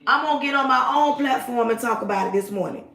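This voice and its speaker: A woman hosts a casual morning livestream, talking emphatically and repeating her greetings. Her voice has a gravelly edge. She sounds like she is in an echoey room, speaking into a phone. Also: on the high side, quick pace, a bit bright. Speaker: livestream host.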